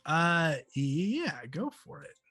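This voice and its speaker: A man running a tabletop game as game master, chatty and relaxed, with many fillers. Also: on the high side, takes it slowly, breathy edge, dry recording, soft background music.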